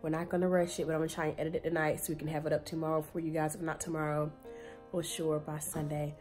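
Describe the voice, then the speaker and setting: Hoarse young woman vlogging chattily. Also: sits low, little pitch movement, quick pace, darkish tone, soft background music. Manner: chatty, laughing often, addresses viewers as y'all. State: hoarse, deep morning voice. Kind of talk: casual vlog chat.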